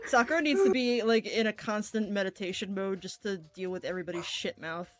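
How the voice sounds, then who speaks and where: A woman's voice: mid-range voice, moderate pace. A woman from the United States streaming a game, joking, swearing and muttering to herself as she plays. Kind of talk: casual game stream chat.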